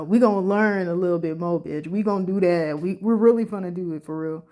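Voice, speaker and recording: A woman's voice: on the low side, a little fast, mellow. Rambling, breathless woman reacting to clips. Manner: rambling, emotional, lots of fillers. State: short of breath. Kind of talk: casual reaction commentary. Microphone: phone.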